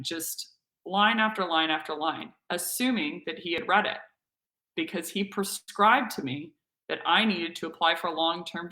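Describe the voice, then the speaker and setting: A woman hosting a live webinar, telling a story with energy and acting out the dialogue. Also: fairly low pitch. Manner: energetic, candid, acts out quoted dialogue. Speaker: webinar host. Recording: echoey room.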